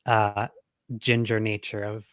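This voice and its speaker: A man's voice: on the low side, monotone, takes it slowly, fairly bright tone, smooth, no echo, studio quality. A man hosting a casual live-stream podcast interview, speaking in a friendly, chatty way with frequent fillers and restarts over a video call. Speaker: podcast host.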